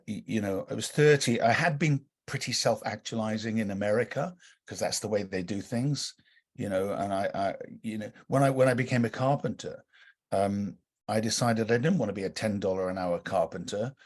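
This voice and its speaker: A man talking casually as an interview guest, rambling with frequent restarts and fillers. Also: on the low side.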